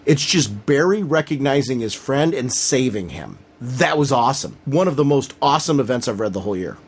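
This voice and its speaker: Podcast co-host, man, middle voice, excitable, retells scenes with gusto. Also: mid-range voice, brisk, husky. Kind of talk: casual comics discussion.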